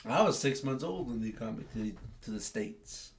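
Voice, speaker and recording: A man's voice: medium pitch, animated, moderate pace, creaky, recorded from a distance, a crowd in the background. A man in casual comedy podcast banter, chiming in with short wisecracks.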